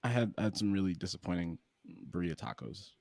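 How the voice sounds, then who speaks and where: A man's voice: low-pitched, fast, vocal fry, darkish tone, dry recording, clean studio sound. Laid-back joking male co-host. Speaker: podcast co-host. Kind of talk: casual chat.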